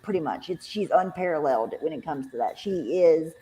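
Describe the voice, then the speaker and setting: A woman's voice: low-pitched, expressive, a little fast, dark tone, slightly rough. A woman giving emphatic, opinionated commentary in a casual chat. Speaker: co-host.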